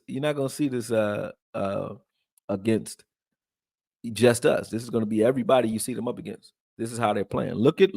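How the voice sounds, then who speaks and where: A man from Texas, raised in Philadelphia, breaking down football film and reading chat on a live stream in a loose, profane, animated way. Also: medium pitch, no echo, studio quality. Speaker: sports commentary streamer.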